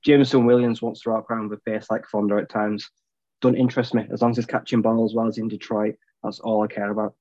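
A low-voiced man states his views bluntly on a sports podcast, without hedging. His voice comes over a dull, lo-fi line and sounds close and dry. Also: little pitch movement, fast, mellow, no echo. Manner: blunt, plain-spoken. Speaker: podcast co-host. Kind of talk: casual sports discussion.

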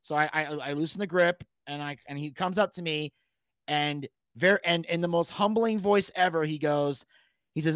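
A man casually telling a story, animated, swearing freely and shouting out the lines he quotes. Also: a little high, moderate pace, dry recording. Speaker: podcast guest telling a story.

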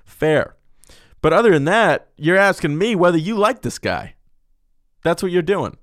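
A young man hosts a comedy podcast, reading out listener emails and ranting crude, profanity-laden advice. His voice sits a little high for a man. The sound is dry and close to the mic. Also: measured pace, dry recording. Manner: profane, blunt, excitable, reads listener emails aloud. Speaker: podcast host answering listener questions.

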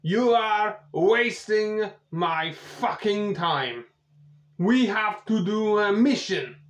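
A man's voice: high-pitched, lively intonation, very slow, voice pushed up, exaggerated voice. A man putting on a pushy specialist. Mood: angry. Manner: blunt, demanding, broken English. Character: pushy gruff male Russian specialist. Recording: echoey, slightly muffled.

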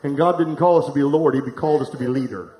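A middle-aged pastor preaching live to a congregation, candid and humorous, telling a personal story and speaking to the room directly. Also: male voice, fairly high pitch, fast, dark tone. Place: church hall, live before a congregation. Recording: echoey room.

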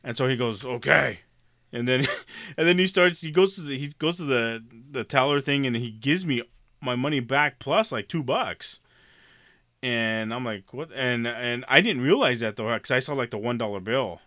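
Swearing podcast guy telling a story, laughs a lot, pitch jumps all over. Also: moderate pace, no echo, studio quality. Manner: animated, profane, laughs often while telling. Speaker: podcast co-host. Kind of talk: casual storytelling chat.

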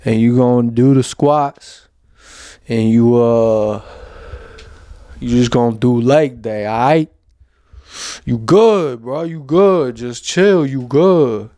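A man's voice: medium pitch, takes it slowly, long pauses, warm tone, dry recording, studio quality, natural voice. A man voicing his own pushy, slangy inner voice that nags him like a coach, checking in with "bro" and "right?" after every order. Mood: bossy, coaxing. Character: pushy streetwise male inner voice, bossy coach.

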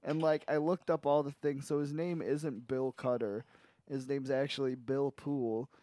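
A young man co-hosting a casual chat, rambling, swearing a lot and laughing loudly. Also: mid-range voice, fairly even intonation, normal speed, no room sound. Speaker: podcast co-host.

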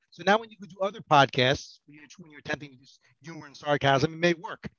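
A man's voice: high-pitched, fairly even intonation, very fast, few pauses, no echo, lo-fi sound. A middle-aged man chatting as a podcast guest, rambling and self-mocking, with many restarts. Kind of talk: casual podcast banter.

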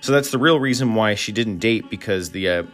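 A man's voice: fairly low pitch, brisk, fairly bright tone, faint music behind. A man hosting a casual solo podcast, rambling through film recaps with frequent fillers and chuckles. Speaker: podcast host reviewing films.

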